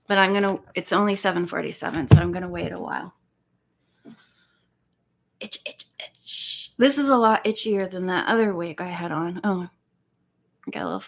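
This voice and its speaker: A woman hosting a casual live stream, chatting in a rambling way and counting pages aloud. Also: medium pitch. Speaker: live-stream host reading a book.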